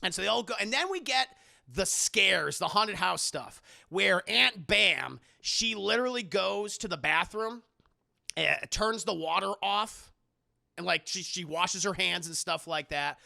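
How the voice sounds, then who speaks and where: A man retelling a film to his chat in a profane, animated casual stream commentary. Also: sits high, a little slow, gravelly.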